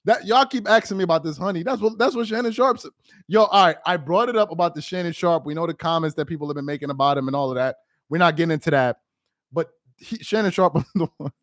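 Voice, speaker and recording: A man's voice: on the high side, quick pace, fairly bright tone, no room sound, studio quality. A man doing casual live-stream sports commentary, laughing often and trash-talking.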